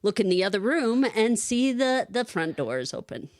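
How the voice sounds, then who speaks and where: Animated woman telling a story, laughing. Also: fairly high pitch, normal speed, no echo, studio quality. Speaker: podcast co-host. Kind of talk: casual storytelling chat.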